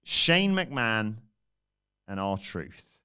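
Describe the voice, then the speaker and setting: A man's voice: on the low side, very animated, very slow, bright, forceful tone, clean tone. A man hosting a wrestling podcast, giving a casual, rambling and jokey recap with self-deprecating asides.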